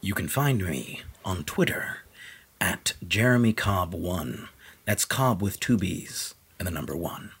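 A man co-hosting a casual podcast, excitable and jokey. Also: low voice, a little slow, slightly rough. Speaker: podcast co-host.

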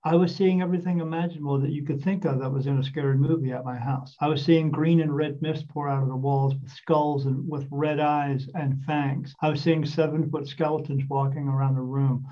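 A man's voice: a little high, steady tone, a little fast, few pauses. A man in his fifties from New Jersey, telling a long personal story in a rambling, earnest way with many restarts. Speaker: guest. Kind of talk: casual storytelling. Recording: distant, dull lo-fi sound.

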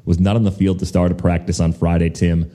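A man with a very low, dark voice hosts a fantasy football podcast. He talks in a measured, analytical way. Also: flat delivery. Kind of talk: casual sports chat.

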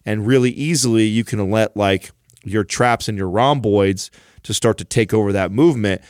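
A man's voice: fairly low pitch, normal speed, darkish tone, dry recording, studio quality. A man co-hosting a podcast, telling a rambling, self-mocking story in casual chat. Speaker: podcast co-host.

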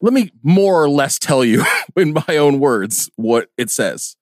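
A man's voice: on the high side, expressive, measured pace, darkish tone, no echo, clean studio sound. A man who is a podcast guest, chatting casually and laughing through wry asides. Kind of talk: casual chat.

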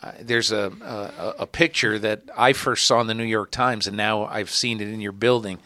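A male podcast host interviewing a guest, telling anecdotes with lively energy and some hesitant restarts. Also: fairly low pitch, moderate pace. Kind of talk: conversational interview.

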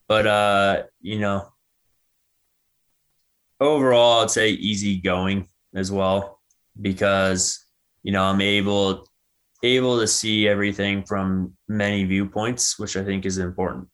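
A man's voice: on the low side, slow pace, clear, resonant tone. A young man answering interview questions casually, with lots of "um" and "you know". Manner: relaxed, many "um" and "you know". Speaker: interview guest, athlete.

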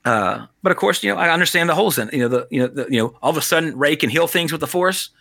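A man's voice: a little high, lively intonation, racing, gravelly, pushed and bright, no echo, clean studio sound. A man co-hosting a podcast, chatting casually about movies in a rambling way, full of restarts and fillers. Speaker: podcast co-host.

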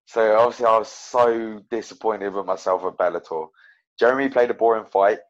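A man's voice: fairly low pitch, brisk, lo-fi sound. A man talking as an MMA fighter guest, rambling and frank about his own fights. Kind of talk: casual interview chat.

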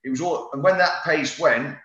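A man's voice: fairly high pitch, moderate pace, fairly bright tone. A middle-aged man, a former footballer telling rambling anecdotes in a casual interview, full of fillers and restarts. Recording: roomy, slightly dull sound.

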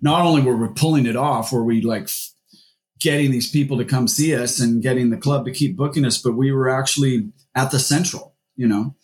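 A man's voice: mid-range voice, steady tone, fairly quick. A man, a musician guest, talking casually in an interview and rambling through his stories with lots of fillers and restarts. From Seattle area.

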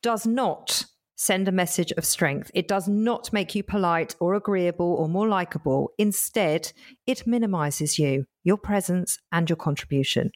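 A woman's voice: lowish voice, a little slow. A woman who works as a coach, co-hosting a podcast and steering the chat emphatically. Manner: emphatic, drives the discussion.

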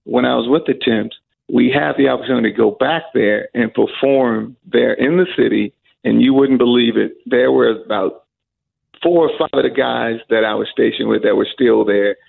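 Gravelly raspy-voiced man telling a story. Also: mid-range voice, moderate pace. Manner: animated storyteller acting out quoted dialogue. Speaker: interviewee. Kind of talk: storytelling in an interview. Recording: phone-like narrow band with faint music.

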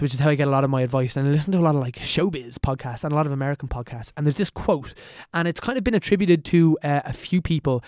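Young Irish man, twenties, rapid self-deprecating podcast chat, a touch higher voice. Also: a little mellow, no room sound, clean studio sound. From Ireland. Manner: quick, self-deprecating, rambling with fillers. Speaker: podcast guest answering questions.

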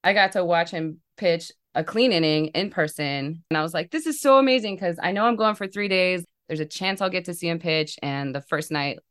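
A woman co-hosting a fan podcast, telling stories in a casual, animated way with frequent laughter. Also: on the low side, fairly quick, hardly any pauses. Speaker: podcast co-host. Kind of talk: casual chat.

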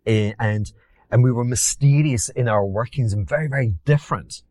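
A man's voice: medium pitch, normal speed, warm tone, no room sound. A Glaswegian man from Scotland, an investor guest telling stories in a casual interview, rambling with many repeats and restarts.

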